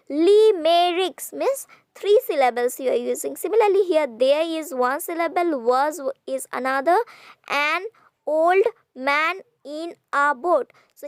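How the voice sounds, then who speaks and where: High-voiced, slow-paced woman tutor. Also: no room sound, studio quality. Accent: Indian English. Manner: slow, patient, reads verse lines aloud in drawn-out tones. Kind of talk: explaining a poem exercise.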